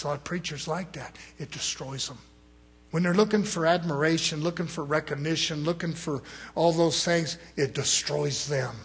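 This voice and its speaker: A man preaches a sermon at a moderate pace, swinging between loud, rising exhortation and low, murmured asides, and acting out other people's words in quoted voices. A little hiss or hum sits under the recording.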